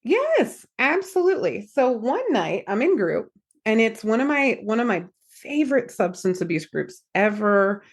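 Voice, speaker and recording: An American woman who is a therapist and podcast host speaks a little slowly in a higher-pitched voice. She tells a story in casual chat, animatedly acting out the quotes as she goes.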